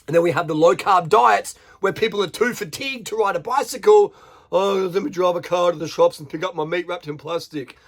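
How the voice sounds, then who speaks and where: A blunt, unscripted rant to camera comes from an Australian vlogger whose voice is high-pitched and fairly quick. Swearing freely, he peppers his viewers with rhetorical questions.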